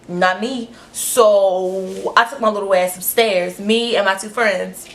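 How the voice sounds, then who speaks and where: A young woman telling a storytime vlog, animated and profane, acting out quotes in high shrieks. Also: takes it slowly. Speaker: vlogger.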